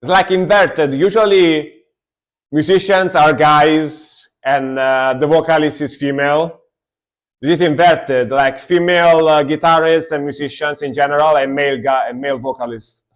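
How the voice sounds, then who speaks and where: A man's voice: on the high side, fairly even intonation, moderate pace. A man, chatting casually and rambling as he reacts to music on a live stream. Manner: chatty, rambling, lots of fillers.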